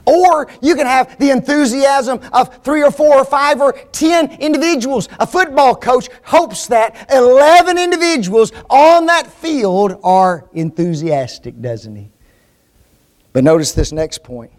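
A man preaching a sermon, emphatic, full of rhetorical questions and swings between loud and hushed delivery. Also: very high-pitched, lively intonation, a little slow, hardly any pauses.

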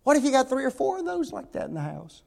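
A man pastor preaching a sermon in church, with emphatic delivery, rhetorical questions and big swings between loud and soft. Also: very high-pitched, very animated, fast talker, vocal fry.

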